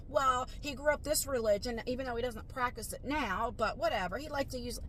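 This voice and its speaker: A middle-aged woman talks straight to her phone in a loose, rambling vlog, circling back with lots of fillers. Her pitch sits a little high and swings widely as she confides. A faint hum of background noise sits under her voice. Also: fairly bright tone, poor audio. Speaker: vlogger. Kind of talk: casual vlog chat to camera. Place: car, then store aisles.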